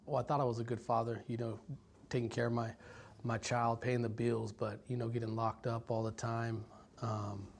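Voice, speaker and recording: A man in his forties from Stockton, California, telling his life story in an interview, reflective and halting with many pauses and ums. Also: medium pitch, gravelly, darkish tone, a little hiss or hum. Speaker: violence prevention worker. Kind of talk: personal story told in an interview.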